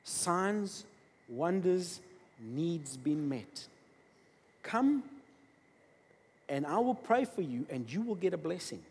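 A man preaching a sermon, emphatic, swinging between loud bursts and quiet asides. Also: on the high side, very animated, slow, long pauses, breathy edge. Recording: long reverb of a large hall.

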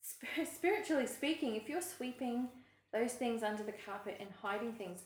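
An earnest woman co-host shares her own struggles in a relaxed faith podcast. She talks in loose, searching phrases that restart and trail off. The room rings around her. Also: fairly high pitch, moderate pace, reverberant, poor audio. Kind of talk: casual Christian podcast chat.

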